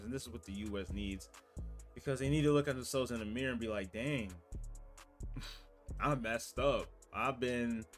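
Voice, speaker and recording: A man's voice: mid-range voice, fairly bright tone. Earnest young American man vlogging. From United States. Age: young adult. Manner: earnest, with rhetorical questions and "you know what I'm saying" asides. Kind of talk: casual opinion monologue.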